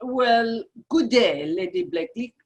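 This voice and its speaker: A woman's voice: on the high side, lively intonation, unhurried, noisy background. A woman reading the part of a sly, scheming French agent at a virtual table read of a radio play, dry and falsely polite. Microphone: video call.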